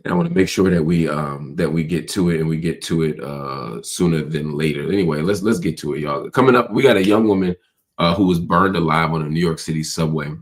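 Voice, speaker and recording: A low-pitched man hosts a nightly livestream in a loose, conversational way, calling his viewers y'all. His voice is a bit hoarse from a cold he is fighting. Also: fairly quick. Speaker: host. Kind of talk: casual nightly livestream talk.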